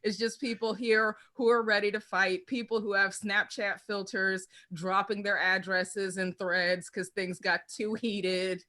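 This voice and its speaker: Bright, brash woman doing stand-up. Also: medium pitch, unhurried, few pauses. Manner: brash, profane, animated storytelling. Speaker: stand-up comedian. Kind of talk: stand-up comedy set.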